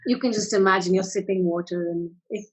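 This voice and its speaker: Soothing husky woman guiding tapping. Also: medium pitch, low-quality recording. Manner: soothing, praising, gives calm step-by-step prompts. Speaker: tapping coach. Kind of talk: guided tapping session.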